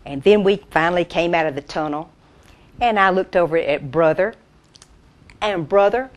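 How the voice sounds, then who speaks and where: A woman's voice: fairly low pitch, normal speed. A woman, telling down-home country jokes as a stand-up comedian and voicing the characters in them. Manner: tells down-home jokes, voices quoted characters. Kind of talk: folksy stand-up storytelling.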